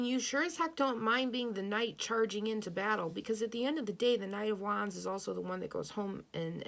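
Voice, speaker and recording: A woman's voice: mid-range voice, creaky, fairly bright tone. A woman giving an earnest intuitive tarot reading, speaking straight to the listener, repeating phrases and correcting her own words as she thinks aloud. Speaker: tarot reader.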